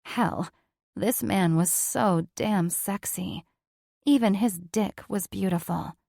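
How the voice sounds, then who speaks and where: A woman narrating a first-person romance audiobook in a smooth, even storytelling voice on a close mic. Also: medium pitch, takes it slowly, dry recording.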